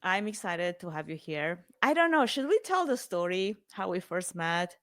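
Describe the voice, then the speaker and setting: Woman, podcast host, upbeat, laughs often, lower voice, dry sound. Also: sing-song, moderate pace, a bit bright, no room sound. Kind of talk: podcast interview.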